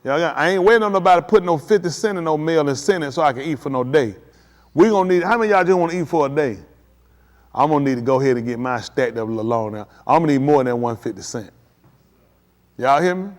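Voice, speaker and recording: Preacher guy on a live stream, pitch a bit high, hammering the same short lines over and over. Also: fast. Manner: emphatic and repetitive, punchy short declarations. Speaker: pastor.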